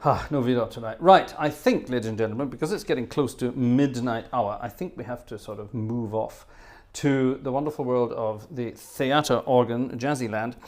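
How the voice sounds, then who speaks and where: A man's voice: medium pitch, normal speed, darkish tone. An older man hosting an organ livestream, chatting casually between pieces in a rambling, self-deprecating way, chuckling and restarting as he tells a playful story. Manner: playful storyteller, puts on little voices.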